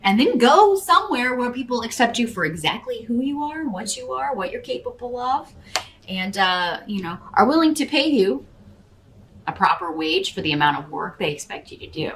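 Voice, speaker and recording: A woman's voice: on the high side, sing-song, moderate pace, a bit bright, slight background noise, poor audio. Rambling woman giving a tarot reading. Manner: rambling, hesitant, many fillers and restarts; addresses the listener directly as a star sign. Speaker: tarot reader. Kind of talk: casual tarot reading to camera.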